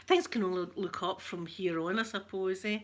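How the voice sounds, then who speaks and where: Chatty Scottish woman, bright laughing voice. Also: medium pitch, fairly even intonation, a little slow, slight background noise. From Scotland. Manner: chatty, laughs often, jokes with viewers; broad, rough-edged local speech. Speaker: ASMR livestream host. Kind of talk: casual chat.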